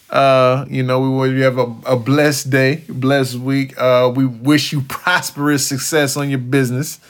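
A man hosting a casual interview podcast, joking and animated, laughing often and swearing freely. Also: mid-range voice. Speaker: podcast host.

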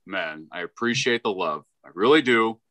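A man in his forties doing a stand-up comedy set, hyper and excitable, stumbling over repeated words as he talks. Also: on the low side, normal speed. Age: 40s. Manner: hyper, excitable, stammering restarts. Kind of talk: stand-up set at an open mic. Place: comedy club stage.

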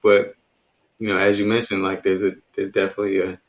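Male podcast co-host from D.C., low voice, laid-back and reflective, lots of fillers. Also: a little fast, poor audio. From Washington, D.C. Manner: relaxed, reflective, many "you know" fillers. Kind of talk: casual conversation.

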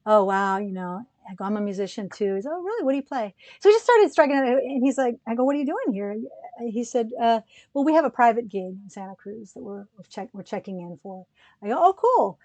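Animated storytelling woman, a little high. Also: fast, no echo. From United States. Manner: animated, rambling with many restarts. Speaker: podcast co-host. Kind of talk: casual storytelling conversation.

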